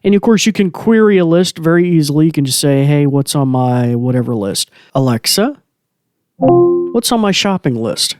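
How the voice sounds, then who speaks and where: A man's voice: on the high side, animated, normal speed, over loud music. A man hosting a casual tech tutorial podcast from a small studio, talking loosely with plenty of fillers while demonstrating. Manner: chatty, loose, many fillers. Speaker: podcast host.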